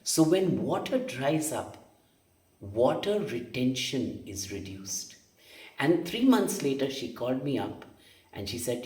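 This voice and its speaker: A man's voice: mid-range voice, big pitch swings, takes it slowly, darkish tone, recorded from a distance. Roomy-sounding man teaching meditation. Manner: emphatic, repeats phrases, asks rhetorical questions. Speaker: energy healer and meditation teacher. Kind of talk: spoken meditation lesson.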